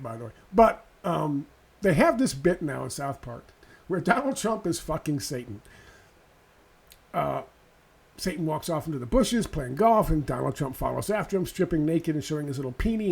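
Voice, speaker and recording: A man's voice: a little high, gravelly, darkish tone, husky. A man ranting sarcastically and profanely in a political video commentary.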